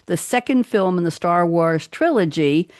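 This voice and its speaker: A woman's voice: on the low side, animated, normal speed, a little mellow, no room sound, clean studio sound. Chatty older woman hosting a talk show. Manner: chatty, rambling, teasing. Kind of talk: casual roundtable chat.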